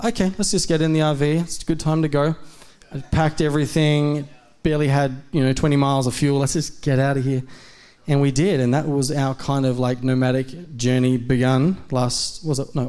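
Animated man preaching a sermon. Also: mid-range voice, clear, resonant tone. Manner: animated, acts out quoted dialogue. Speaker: guest preacher. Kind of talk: live sermon storytelling. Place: church service.

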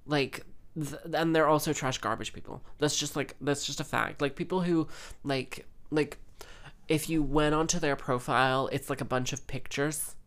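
A woman hosting a podcast, giving a casual, rambling movie review with sarcastic, self-deprecating humor and lots of filler words. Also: a bass voice. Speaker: podcast host.

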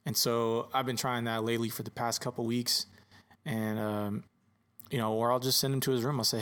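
A man chatting casually on a podcast about fatherhood. He tells stories loosely, acting out little bits of dialogue and dropping the odd swear word, in an easy voice of middle pitch. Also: brisk. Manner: relaxed storyteller, swears casually, acts out dialogue. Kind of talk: casual chat.

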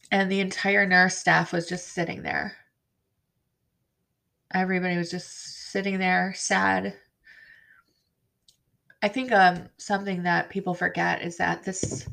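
A woman telling her own story as a bereaved mother, halting and frank, with blunt swearing. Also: medium pitch, vocal fry, a bit bright. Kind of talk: personal storytelling to camera.

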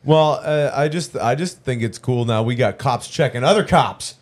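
A man's voice: medium pitch, normal speed. A man co-hosting a comedy podcast, chatting casually with blunt, crude humor. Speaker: podcast co-host. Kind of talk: casual chat reacting to videos.

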